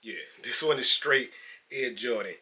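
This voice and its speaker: A man's voice: mid-range voice, a little slow, noisy background. A man from New York doing a laid-back, slangy sneaker unboxing review and calling his viewers guys and man.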